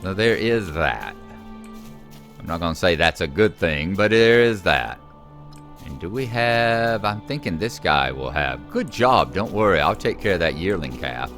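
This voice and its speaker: Low slow guy rambling over his game, talks back to the npcs, music going under him. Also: animated, a bit bright. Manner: chatty, talks to the game characters. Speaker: gameplay host. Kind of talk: casual gameplay commentary.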